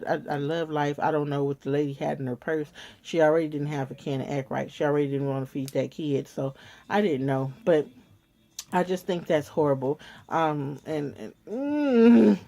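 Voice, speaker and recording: A woman vlogger, telling a story straight to her viewers in an animated, casual way. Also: fairly low pitch.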